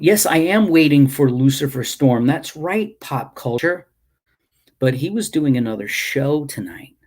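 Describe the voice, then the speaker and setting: Slow-talking man, husky impassioned rant. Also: mid-range voice, a little mellow. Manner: impassioned, ranting, swears freely. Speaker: self-published comic creator. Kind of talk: ranting casual vlog.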